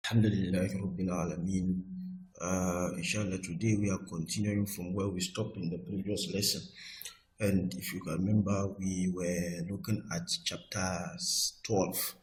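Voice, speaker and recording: A man teaching an Arabic grammar lesson, talking patiently, repeating each point and slowing down to recite Arabic text. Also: deep voice, flat delivery, a little hiss or hum. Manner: slows down for Arabic quotations. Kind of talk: recorded online lesson.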